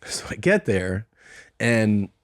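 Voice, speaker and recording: A lower-voiced middle-aged man on a podcast, recorded dry and close. He talks in a relaxed, rambling way and slips in and out of the people he quotes. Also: slow, no room sound. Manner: laid-back anecdote telling, acting out quoted exchanges. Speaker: podcast host and comedian. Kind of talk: casual chat, storytelling. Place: podcast studio. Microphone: studio microphone.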